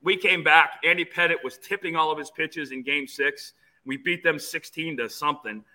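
Man, 50s, interview guest; bright, strained timbre, slightly raised pitch, eager storyteller who trips over his own starts. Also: normal speed, poor audio. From Phoenix, USA. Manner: animated storyteller with many restarts. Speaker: interview guest, former player.

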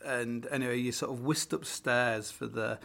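A man's voice: medium pitch, normal speed, gravelly, a bit bright. A middle-aged man with a northern English accent, hosting a podcast and telling stories in a rambling way, full of fillers and swearing. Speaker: podcast host. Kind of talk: casual storytelling.

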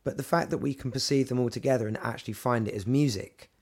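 Male host, casual chat, relaxed, medium pitch. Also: fast talker, breathy edge. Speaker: podcast host.

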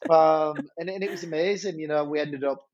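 In a podcast interview, a head teacher tells a story with animation, tripping over repeated words. His male voice is a little high and brisk, and the audio sounds dull.

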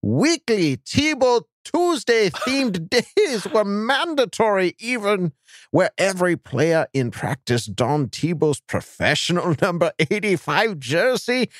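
Guy doing a goofy stiff german accent reader, high and slow, dry close mic. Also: big pitch swings, no echo, exaggerated voice. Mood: mock-solemn. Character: mock German newsreader, adult man, comically stiff.

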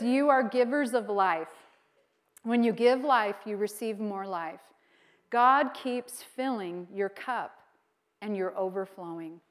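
A middle-aged woman pastor preaching a sermon, telling a personal story with lively acted-out quotes and frequent laughter. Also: medium pitch.

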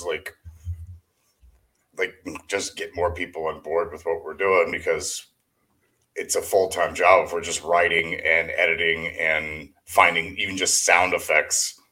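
A man with a very deep voice and a bright, forceful tone co-hosts an audio drama podcast. He tells stories in an animated way and swears freely. He is talking from an echoey room. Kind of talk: casual chat on a remote call.

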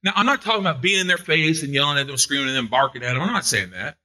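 Fervent, bright-voiced male preacher. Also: a little high, lively intonation, racing. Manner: fervent, building to loud exhortation; repeats phrases for emphasis. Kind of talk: sermon.

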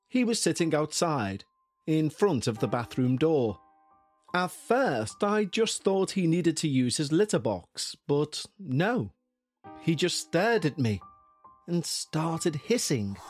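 A man narrating a listener's first-person horror story in a slow, measured storytelling manner. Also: a little high.

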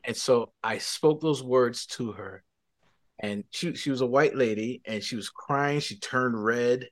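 Animated man telling a story. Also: medium pitch, a little slow. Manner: animated, acts out quotes, laughs. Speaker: podcast guest. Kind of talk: storytelling testimony.

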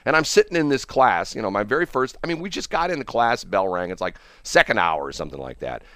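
A man's voice: on the low side, big pitch swings, fast, a bit bright, dry recording, clean studio sound. An older man chatting casually over a call, telling a long rambling story and laughing often. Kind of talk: casual chat.

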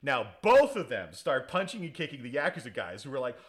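A man riffing through a movie recap with sarcastic asides and casual swearing. His voice rises and falls in lively swings, and he wanders off on tangents. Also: mid-range voice, brisk. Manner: rambling, sarcastic, swears freely. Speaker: podcast co-host playing defense lawyer.

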